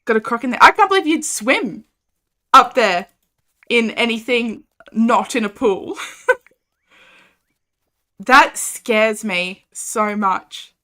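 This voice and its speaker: A woman's voice: on the high side, expressive, slow, long pauses, bright, forceful tone. A young Australian woman chatting casually and animatedly while streaming a game, reading chat and laughing often.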